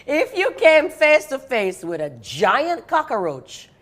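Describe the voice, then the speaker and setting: A cheerful woman hosts a light trivia interview. She is bubbly and laughs easily. Her pitch bounces all over as she talks. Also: sing-song, slow, a bit bright. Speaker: host.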